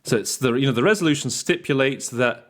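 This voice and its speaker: A man's voice: medium pitch, expressive, fast talker. A man coaching interpreters in a casual teaching talk, thinking aloud with fillers and restarts and telling chatty anecdotes.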